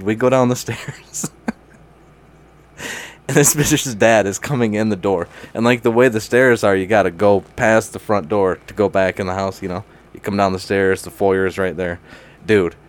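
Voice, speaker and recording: Low-voiced young man telling stories, laughing. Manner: laughs often, swears freely, says dude constantly. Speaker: guest. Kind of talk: casual storytelling.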